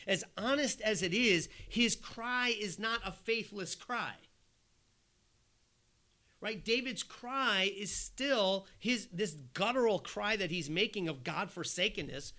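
A man preaching a sermon, earnest and conversational, dropping soft and then rising emphatic as he acts out the quoted voices. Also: sits high, expressive, normal speed.

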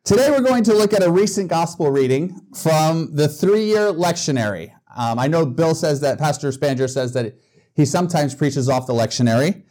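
Male guest preacher: high-ish, mellow voice, chatty sermon delivery. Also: expressive, moderate pace. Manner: conversational, joking, with small restarts. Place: church.

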